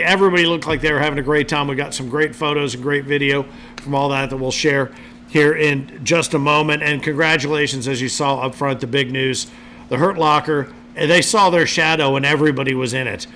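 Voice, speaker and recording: A man hosts a casual podcast, rambling from one topic to the next with easy jokes and plenty of fillers. His voice sits a bit high and has a bright, forward edge. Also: slight background noise. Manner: chatty, jokey, loose with many fillers. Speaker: podcast co-host. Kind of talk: casual show hosting.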